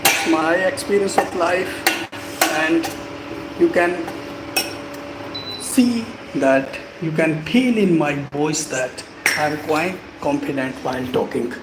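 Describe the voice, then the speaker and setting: A man leads a live lesson, encouraging and unhurried. His voice sits a little high and moves at a very slow, careful pace. The sound is roomy and echoey, with clear background noise. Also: animated. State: sweating from the heat. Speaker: English speaking teacher. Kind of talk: live-stream English lesson.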